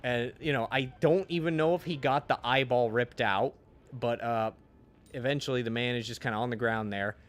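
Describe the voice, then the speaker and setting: A man's voice: medium pitch, normal speed. A man streaming a game and chatting casually, retelling a story in a rambling, profane way full of restarts. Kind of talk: casual chat while gaming.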